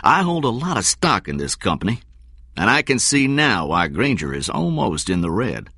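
A man's voice: lowish voice, very animated, moderate pace, sharp tone, husky, no room sound, clean studio sound, voice pushed up, heavily acted. A man voicing an older male stockholder with a thick Southern accent, blunt and focused on money.

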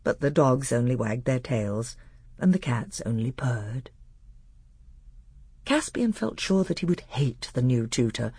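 A narrator reading a children's fantasy novel aloud in an expressive, animated storytelling manner. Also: mid-range voice, measured pace, breathy edge, dry recording.

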